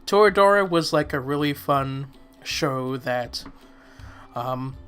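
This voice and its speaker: A man chatting casually as co-host, slightly hoarse, with a relaxed manner that trails off. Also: medium pitch, takes it slowly, soft background music. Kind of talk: casual chat.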